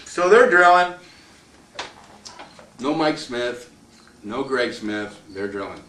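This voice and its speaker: A landowner telling a long personal story in a casual, rambling way, chuckling and acting out what other people said. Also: male voice, mid-range voice, lively intonation, takes it slowly, sharp tone. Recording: roomy echo, distant mic, faint noise.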